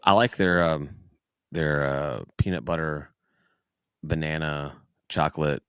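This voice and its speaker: A man's voice: very deep voice, steady tone, takes it slowly, fairly bright tone, smooth, dry recording, studio quality. A man with a Southern US accent hosting a podcast in casual chat, laughing often and tripping over repeated words. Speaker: podcast host.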